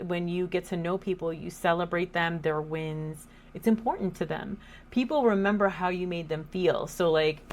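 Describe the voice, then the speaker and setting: A woman in her thirties hosting a casual faith talk, chatty and joking, quoting scripture. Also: on the low side. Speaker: host.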